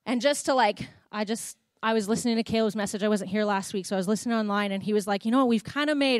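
A woman's voice: fairly high pitch, fairly bright tone, no echo. Chatty Canadian woman preaching a sermon. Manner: chatty storytelling, reenacting conversations. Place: church.

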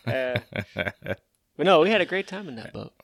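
Gravelly-voiced easygoing man. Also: medium pitch, big pitch swings, unhurried, fairly bright tone, no echo, studio quality. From western Pennsylvania, USA. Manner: easygoing, reminiscing, hesitant fillers. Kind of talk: casual chat.

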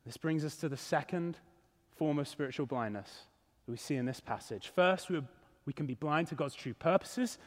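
A male pastor preaching an earnest, emphatic sermon. His voice is high for a man and rings out with a long hall reverb. He leans hard on key words. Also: normal speed. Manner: earnest, emphatic, rising and falling. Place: church.

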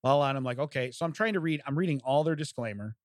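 A man's voice: on the high side, expressive, rapid-fire, no echo, clean studio sound. A man telling a long story in casual chat, acting out both sides of a phone call and laughing often.

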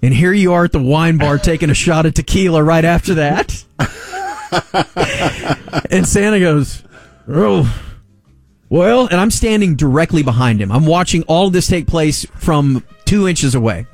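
A man in his forties, a radio host, telling a family story in a lively way and laughing along. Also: on the high side, normal speed, soft background music. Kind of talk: casual storytelling on a sports talk show.

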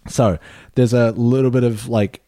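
Laid-back New man, mellow voice. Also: mid-range voice, steady tone, normal speed, no echo. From New Zealand. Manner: laid-back, rambling, many fillers and swearing. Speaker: podcast co-host. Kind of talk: casual chat.

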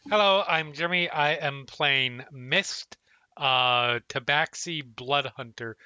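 A man's voice: fairly high pitch, takes it slowly, bright, forceful tone, clear, resonant tone, no room sound, dull audio. A man playing in a tabletop game, chatting casually with joking, dry sarcastic remarks. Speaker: player.

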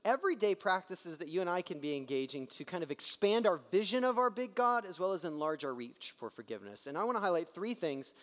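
In a big-room sound, a male pastor in his thirties with a fairly high voice preaches a sermon, animatedly telling family stories and acting out the voices of the people who appear in them.

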